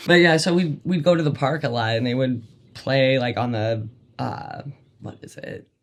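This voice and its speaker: A woman's voice: very deep voice, normal speed. A woman hosting a podcast, telling candid personal stories in a rambling way, laughing often and swearing casually. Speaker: podcast host.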